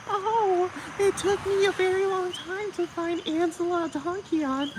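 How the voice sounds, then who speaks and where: A man mocking another man in a high, sing-song put-on voice, with drawn-out dismissive phrasing. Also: steady tone, background noise. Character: prissy, high-voiced man mocked in falsetto.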